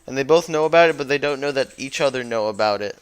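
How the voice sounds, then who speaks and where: A man's voice: medium pitch, fast talker, clean tone. A man who jokingly recaps a story as a YouTuber, rambling and correcting himself as he goes. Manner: rambling, playful, self-correcting.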